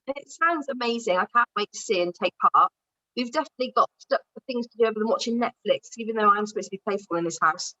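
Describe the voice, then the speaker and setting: A woman's voice: fairly high pitch, fast, bright, forceful tone, no echo, dull audio. A woman hosting a casual online radio show, chatting enthusiastically with guests over a video call. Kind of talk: casual chat.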